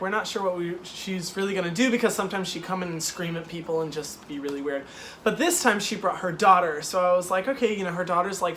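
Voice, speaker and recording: A young man hosting a casual chat, retelling a customer story in an animated, exasperated way with lots of "like". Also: sits high, a little hiss or hum. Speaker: host.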